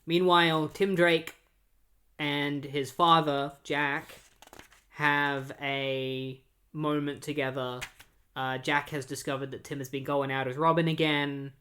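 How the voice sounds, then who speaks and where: A man's voice: on the high side, flat delivery, slow, pushed and bright. A man retelling a comic book story in a casual, loose way, with many fillers and restarts. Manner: filler-heavy, loose recap.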